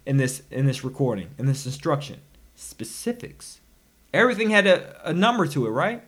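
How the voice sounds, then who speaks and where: A man giving a motivational personal finance lesson, talking in an animated, preachy way with sudden loud, emphatic bursts. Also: mid-range voice, fairly quick, slightly rough. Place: recorded instruction.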